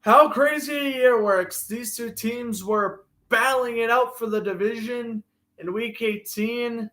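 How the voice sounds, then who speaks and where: A young man calls a football game as an amateur play-by-play commentator, with a high voice. He walks through downs, scores and standings in a running, conversational commentary. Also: unhurried. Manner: excitable, gets loudly indignant at referees. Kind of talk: amateur live sports commentary.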